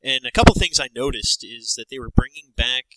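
A laid-back man jokes around in a podcast chat. His voice has a bright edge at a middle pitch and is recorded dry and close. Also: brisk, no echo, poor audio. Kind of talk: casual chat.

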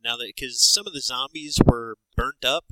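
A man's voice: medium pitch, moderate pace, fairly bright tone, no echo, rough recording. A laid-back, joking man chatting on a podcast. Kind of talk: casual chat.

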